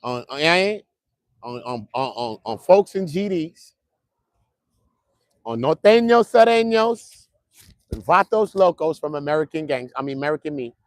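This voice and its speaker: A man streaming trial updates from outside a courthouse, joking in loose street talk that swings from loud to muttered. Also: fairly high pitch, animated, normal speed, no room sound, clean studio sound. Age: adult, at least 55. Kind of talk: casual live-stream chat. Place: outdoors near a courthouse.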